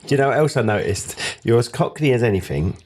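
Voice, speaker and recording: A woman's voice: extremely low pitch, lively intonation, fast, a little mellow. A woman hosting a podcast in a casual interview chat, chatty and teasing as she asks questions. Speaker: podcast host.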